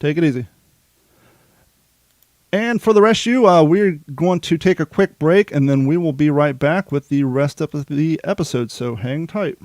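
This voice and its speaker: Chatty higher-voiced male podcast host. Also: normal speed, darkish tone, no echo, studio quality. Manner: rambling, self-interrupting. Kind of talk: casual podcast chat.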